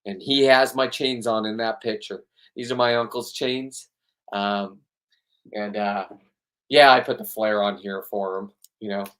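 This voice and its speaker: A man's voice: lowish voice, steady tone, measured pace, a bit bright. A middle-aged man, a spearfishing boat captain, talking in a rambling, heated monologue full of swearing and repeated words. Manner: heated, profane, repeats himself.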